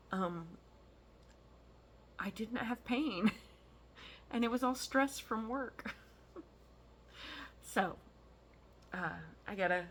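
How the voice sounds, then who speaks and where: A woman's voice: mid-range voice, sharp tone, a little hiss or hum. A woman hosting a stitching vlog from home, chatting casually and rambling with frequent ums and laughs. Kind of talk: casual chat.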